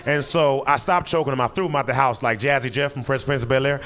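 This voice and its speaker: A man in his thirties telling a stand-up story in an animated way, stumbling over words and laughing as he goes. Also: mid-range voice, fast talker. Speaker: stand-up comedian. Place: stage in a comedy venue.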